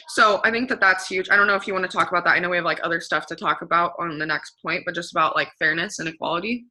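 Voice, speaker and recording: A young woman with a bright, forward voice talks earnestly and with enthusiasm. She leans hard on key points in a relaxed, chatty conversation. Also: on the low side, very fast, few pauses, rough recording. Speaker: co-host. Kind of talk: casual chat.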